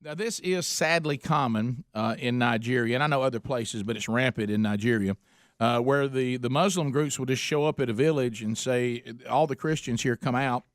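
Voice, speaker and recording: At a moderate pace and medium pitch, a middle-aged man on talk radio chats and tells earnest stories full of "uh." The studio microphone picks up no room sound.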